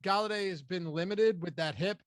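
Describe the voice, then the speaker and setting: Higher-voiced man hosting sports talk. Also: brisk, no echo. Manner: conversational, loose with frequent restarts. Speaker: fantasy football show host. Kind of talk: casual sports analysis chat.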